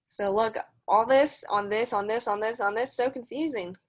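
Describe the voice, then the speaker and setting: Over a video call, a woman with a fairly high, steady voice hosts a read-along for young children. She reads a picture book aloud slowly and carefully, adding encouraging asides to the kids.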